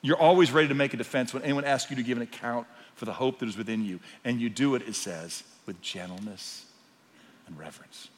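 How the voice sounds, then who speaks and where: A man preaching a sermon as pastor, swinging between quiet, intimate passages and loud, emphatic ones. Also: mid-range voice, rapid-fire, hardly any pauses, in a large hall.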